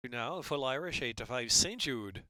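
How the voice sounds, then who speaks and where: A man with an American accent calling horse races and reading track announcements in a brisk, rhythmic way. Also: mid-range voice, no echo. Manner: brisk, rhythmic, rising to a loud excited call in the stretch.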